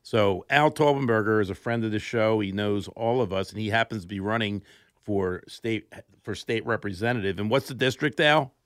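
Brisk low-voiced male co-host. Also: no room sound, clean studio sound. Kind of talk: casual radio talk.

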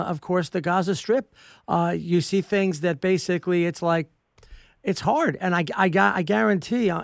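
A man's voice: on the high side, no echo, studio quality. A man hosting a radio interview, sincere and stumbling a little as he asks questions. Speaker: radio host.

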